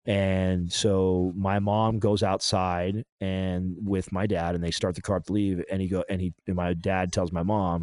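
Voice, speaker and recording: A man talking through a painful personal story in a halting, emotional way, often restarting his sentences. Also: low-pitched, flat delivery, a little mellow, no echo. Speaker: podcast guest.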